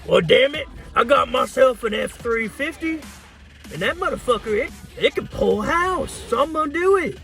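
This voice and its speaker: A man's voice: very high voice, expressive, moderate pace, creaky, bright, forceful tone, far from the mic, faint music behind, voice pushed up, exaggerated voice. A man voicing a brash, cocky pickup truck owner in a swaggering trucker drawl. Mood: boastful.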